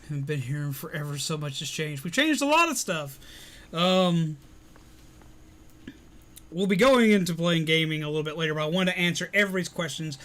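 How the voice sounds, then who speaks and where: A man's voice: on the high side, expressive, brisk, a bit bright. A man in casual live-stream chat, answering viewer comments while recovering from illness. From Alabama, US.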